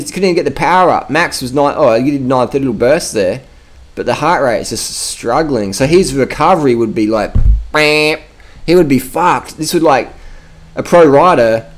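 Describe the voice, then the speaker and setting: Male vlogger, mid-pitched voice, brash and profane rant delivery. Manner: profane, emphatic, boastful. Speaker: cycling vlogger. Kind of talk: casual vlog rant.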